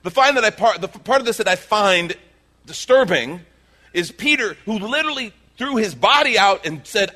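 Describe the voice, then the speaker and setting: A male pastor preaching a sermon, telling the story with animated energy and acting out the characters' lines. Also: sits high, moderate pace. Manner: animated storytelling, acts out quotes.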